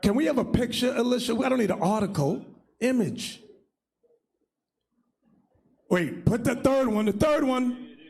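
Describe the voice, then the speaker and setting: A man leading a religious class as bishop, preaching in a loud, mocking, shouting manner. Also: very high-pitched, animated, unhurried, vocal fry, long pauses, husky. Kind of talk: fiery religious teaching.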